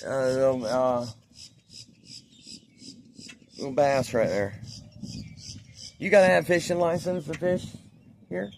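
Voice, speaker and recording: A man with a mid-range voice rambles casually to his phone camera beside a pond. Birds and steady outdoor noise come through clearly behind him. He talks loosely and chattily, drifting from one thing to the next. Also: mid-range voice, a little slow. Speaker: vlogger.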